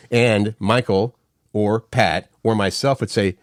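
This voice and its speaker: A man's voice: on the low side, normal speed, no echo, studio quality. A middle-aged man co-hosting a morning show, telling stories in a rambling way with many restarts. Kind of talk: casual morning-show chat.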